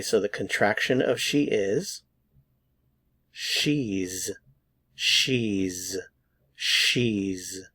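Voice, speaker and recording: Slow, patient American male pronunciation teacher. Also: on the low side, no echo, clean studio sound. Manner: patient, repeats words slowly for practice. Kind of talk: slow, deliberate pronunciation lesson.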